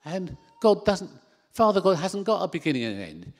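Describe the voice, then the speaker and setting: A man preaching a sermon into a handheld microphone in a church hall, animated, with self-deprecating asides. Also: high-pitched, moderate pace.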